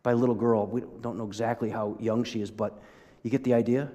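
A man's voice: medium pitch, flat delivery, fast talker, warm tone. A man preaching a sermon as pastor, talking conversationally and asking the audience questions. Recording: long hall reverb.

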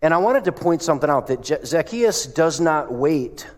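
This pastor's voice sits fairly high and sounds expressive, moving at a moderate pace. He gives a sermon in a church, recorded with long hall reverb, telling stories casually and asking the congregation questions.

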